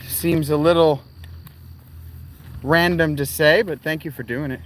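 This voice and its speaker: A man's voice: a little high, steady tone, moderate pace, fairly bright tone, a little hiss or hum. A man hosting a casual livestream, rambling and answering chat while he walks outdoors at night near parked cars. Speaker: livestream host.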